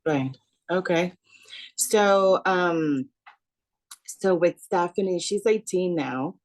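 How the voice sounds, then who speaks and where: Middle-aged mother, low-pitched, unhurried and halting, casual storytelling over a video call. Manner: slow, halting with many fillers. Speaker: parent sharing in a support group.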